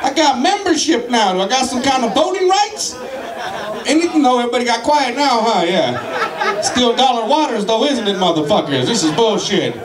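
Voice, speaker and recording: A male stand-up comedian, out of breath, rowdy and swearing as he shouts at the crowd. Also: very high voice, big pitch swings, moderate pace, recorded from a distance. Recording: echoey room, mic from afar, loud crowd.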